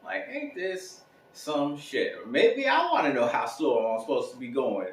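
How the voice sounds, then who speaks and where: A man's voice: medium pitch, moderate pace. A young man telling casual, profane comic stories in a monologue. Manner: lively, profane storytelling with laughs. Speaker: comedian. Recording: echoey room, mic at a distance.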